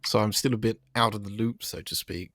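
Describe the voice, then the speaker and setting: A man's voice: fairly low pitch, fairly even intonation, brisk, fairly bright tone, no echo. A man, chatting in character as an undersheriff in a western roleplay, rambling and conversational.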